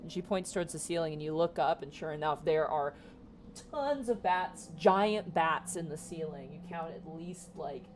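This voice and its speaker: A woman's voice: deep voice, expressive, normal speed, a little hiss or hum. A woman narrating a tabletop game as dungeon master in a loose, descriptive way. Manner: descriptive, with many "kind of" fillers.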